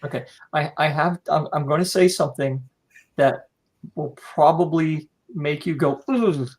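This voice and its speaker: A man's voice: on the high side, unhurried. A podcast host joking with his guest in a teasing, casual way. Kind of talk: casual interview chat.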